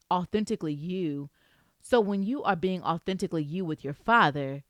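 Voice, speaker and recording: Lively woman giving casual faith talk. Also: medium pitch, no room sound, studio quality. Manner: lively, playful, speaks straight to the viewer with "girl" and "baby". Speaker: Christian faith vlogger.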